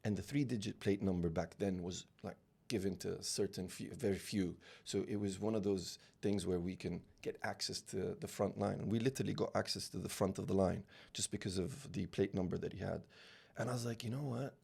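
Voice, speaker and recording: A real estate founder in his forties, raised in the UAE, tells a long anecdote as a guest on a storytelling podcast interview. His low voice is gravelly and husky, his pace brisk with hardly any pauses, and he animatedly acts out the dialogue, often repeating words as he restarts sentences.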